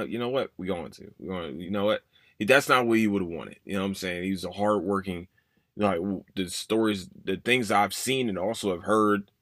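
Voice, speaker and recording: A man's voice: on the low side, a bit bright, dry recording, clean studio sound. A man, hosting a podcast and telling a personal story in an emotional, rambling way that repeats itself. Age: 30s. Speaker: podcast host. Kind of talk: casual personal monologue.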